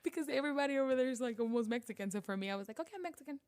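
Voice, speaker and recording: A woman from Panama with a Panamanian Spanish accent, a guest telling her story in a casual interview, animated and acting out the voices of people she quotes. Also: a little high, rapid-fire, smooth. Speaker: guest, beauty vlogger.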